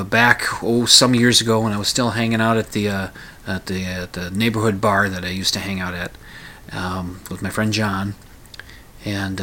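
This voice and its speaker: A man's voice: on the low side, pushed and bright. A middle-aged man rambling through a casual personal monologue, full of fillers, restarts and dry humor.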